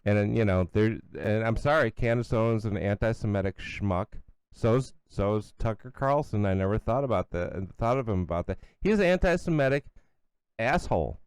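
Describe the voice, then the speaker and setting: Middle-aged male commentary host, blunt and sarcastic. Smooth, resonant voice, close and dry. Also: lowish voice, animated, moderate pace, a little mellow, no echo. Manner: blunt, sarcastic, scornful, with asides and restarts. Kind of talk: opinionated solo commentary.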